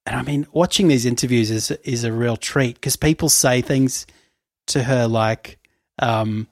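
On a clean studio recording with no echo, a podcast co-host tells a story in casual chat, laughing often and filling his speech with fillers. His voice is mid-range and he talks a little slowly.

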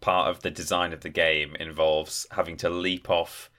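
A man's voice: low voice, normal speed. A man co-hosting a podcast, telling anecdotes in casual chat. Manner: animated anecdote teller. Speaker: podcast co-host.

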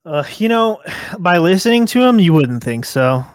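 A man co-hosting a podcast in crude comedic chat, giggly, halting and incredulous. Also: sits high, very animated, clear, resonant tone, no room sound, clean studio sound. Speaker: podcast co-host.

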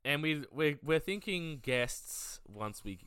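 A man's voice: on the high side, lively intonation, slow pace, crowd noise. A man co-hosting a podcast in casual chat, joking and laughing often. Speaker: podcast co-host.

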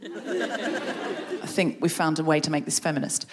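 A woman, speaking as a guest on stage and leading an audience through a creativity exercise in a playful, energetic way, laughing often. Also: deep voice, a little slow, crowd noise. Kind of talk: live stage talk to an audience.

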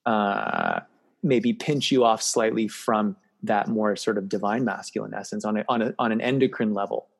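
A man hosting a podcast in casual chat, animated and playful in how he talks. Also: on the low side, moderate pace, creaky, slightly rough. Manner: animated, mimics camp voices for laughs. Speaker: podcast host.

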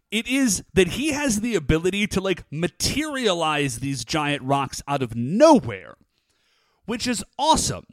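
Casual podcast co-host, male, bouncy and animated delivery, slightly high voice. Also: no echo. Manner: animated, enthusiastic storytelling with many fillers. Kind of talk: casual chat recapping a TV episode.

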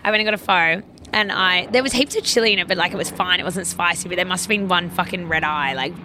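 A woman's voice: lowish voice, fast, noisy background. A young woman in casual chat, telling stories animatedly and swearing freely.

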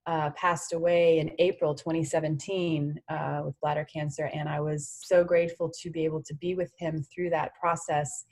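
A woman's voice: sits low, level tone, normal speed, hardly any pauses, darkish tone. A woman in her forties, a guest on an interview podcast, speaking earnestly and from the heart with many "you know"s. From France. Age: 40s. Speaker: interview guest, former tennis champion.

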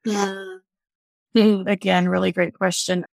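A woman's voice: mid-range voice, flat delivery, a little slow, creaky, no echo. A woman guest on a podcast, talking in a reflective, earnest way about her own experience. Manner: reflective, earnest, speaks in lists. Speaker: podcast guest, business owner. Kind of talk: casual interview talk.

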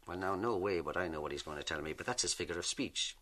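An Irish man, a comedian, telling jokes and stories in a lively stand-up manner. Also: deep voice, quick pace, hardly any pauses. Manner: lively storyteller, drawls punchlines.

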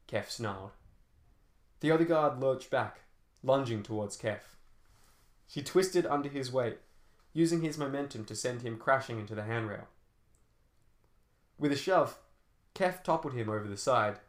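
A man's voice: medium pitch, normal speed. A man narrating an action novel as an audiobook, telling fight scenes dramatically with shifting pace. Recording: roomy echo.

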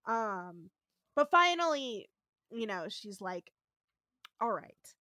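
A woman's voice: medium pitch, dry recording, clean studio sound. A woman co-hosting a podcast, animatedly recapping episode scenes and acting out the characters. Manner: animated storytelling, acts out scenes. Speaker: podcast co-host. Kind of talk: casual recap chat.

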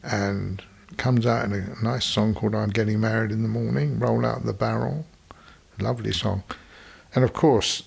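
Older man with a low, gravelly, husky voice. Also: steady tone, normal speed. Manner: digressive, wry, anecdotal. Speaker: podcast storyteller recalling his business past. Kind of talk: reminiscing monologue.

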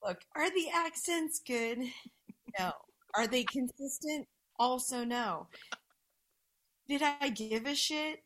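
A woman's voice: sits high, fairly bright tone. A woman chatting as a guest on a podcast, blunt and emphatic and swearing freely. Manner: blunt and profane, quick and emphatic. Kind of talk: casual podcast chat.

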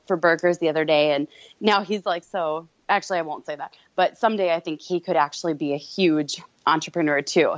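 Low-voiced woman on a dull recording. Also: dry recording. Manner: candid, storytelling, quick-talking. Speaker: guest entrepreneur. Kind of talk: casual interview chat.

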